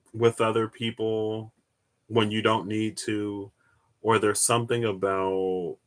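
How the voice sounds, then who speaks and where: Rambling young man with a bright voice. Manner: rambling storyteller, animated, bursts into high-pitched squeals and laughter. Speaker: tarot reader and streamer. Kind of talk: casual live-stream chat while reading tarot.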